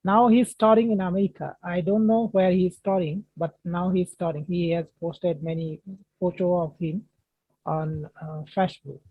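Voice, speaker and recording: A woman's voice: fairly low pitch, steady tone, moderate pace, breathy edge, no echo. A woman with an Indian accent, hosting a casual video call chat and speaking hesitantly as an English learner. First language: not English. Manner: hesitant learner, simple phrasing. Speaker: host. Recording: tinny, dry, phone-like line.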